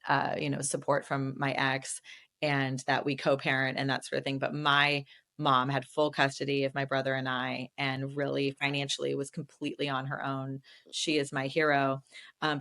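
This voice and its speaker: Bright-voiced woman telling candid stories. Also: very deep voice, creaky. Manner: animated, laughs often, acts out quoted voices. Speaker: real estate agent, podcast guest. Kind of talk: candid conversational storytelling.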